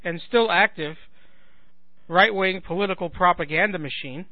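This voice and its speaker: In a political commentary monologue, a man with a fairly high voice rants sarcastically and indignantly at normal speed, circling back and repeating words as he thinks and builds his point. The audio is dry with no echo, squeezed into a thin, telephone-like band like talk radio.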